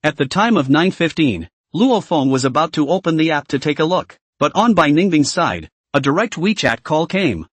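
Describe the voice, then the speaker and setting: A man reading a comic story recap, his voice sitting a little high and swinging up and down with lively intonation. He keeps the same narrating voice for every character. The recording is close and dry, with no room sound. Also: normal speed, few pauses, dry recording. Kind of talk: scripted narration.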